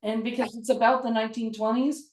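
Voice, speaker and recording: A woman's voice: fairly high pitch, level tone, a little fast. Chatty woman host in a roomy space. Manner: chatty, laughs easily, drops into quoted voices. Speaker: podcast host. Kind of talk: casual film discussion. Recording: roomy echo.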